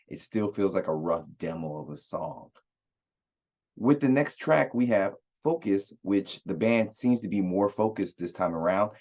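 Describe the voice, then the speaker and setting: A man's voice: low voice, expressive, measured pace, darkish tone, dull audio. A man giving a loose, rambling spoken review of an album as a music reviewer, with many fillers and restarts.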